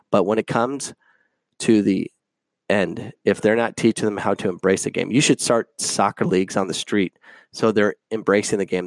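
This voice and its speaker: A man's voice: on the low side, no room sound. A man hosting his own show, delivering an opinionated, emphatic rant full of fillers. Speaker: podcast host. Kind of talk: casual rant.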